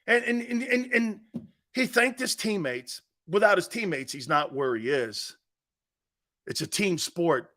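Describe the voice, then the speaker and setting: A man hosting a sports talk show, telling loud stories, acting out voices, swearing and laughing. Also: on the high side. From East Coast of the USA. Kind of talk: animated sports radio monologue.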